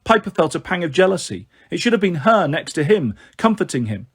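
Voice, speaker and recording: Husky man reading a storybook aloud. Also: fairly high pitch, big pitch swings, a little fast. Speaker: audiobook reader. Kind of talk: storybook narration with light character voices.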